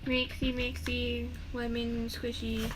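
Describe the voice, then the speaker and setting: A woman's voice: on the high side, completely flat delivery, slow pace, slight background noise, poor audio. A woman making slime on a vlog, talking in a silly, playful way with lots of fillers, recorded on a phone. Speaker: vlog co-host.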